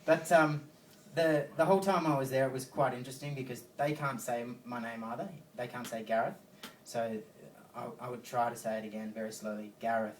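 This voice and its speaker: Australian stand-up comic with rambling, swear-laden delivery, captured on a far-off phone in an echoey room. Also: male voice, mid-range voice, steady tone, fairly quick, few pauses, background noise. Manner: rambling, crude storytelling with swearing. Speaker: stand-up comedian. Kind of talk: stand-up comedy set. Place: comedy venue stage with live audience. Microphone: phone recording from the audience.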